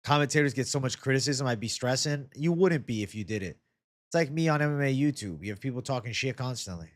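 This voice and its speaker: Young male streamer, average pitch, dry booth-like sound, loose chatty delivery with frequent swearing. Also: expressive, fast talker, no echo. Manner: chatty, reads and answers viewer comments, swears freely. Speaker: MMA YouTube host. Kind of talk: casual live-stream chat.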